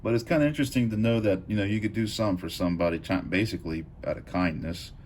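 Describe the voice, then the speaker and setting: Man with a very low voice, casual and profane knife-channel storyteller who rambles. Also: fast talker, a little mellow, a little hiss or hum. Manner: loose, profane, rambling with frequent fillers.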